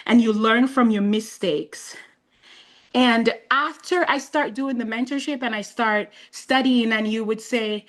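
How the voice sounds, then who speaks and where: A woman's voice: a little high, measured pace. Eager woman student giving testimonial. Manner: eager and effusive. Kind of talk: casual testimonial.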